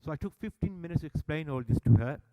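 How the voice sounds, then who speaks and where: Animated man telling stories. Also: on the high side, quick pace. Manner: animated storyteller, acts out dialogue. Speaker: service user speaker at annual meeting. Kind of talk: public speech telling stories. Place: meeting hall.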